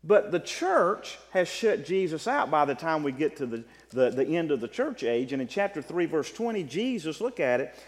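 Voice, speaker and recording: A man preaching a sermon as pastor, animated, with a rising and falling delivery. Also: on the high side, moderate pace, hardly any pauses. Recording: long reverb of a large hall.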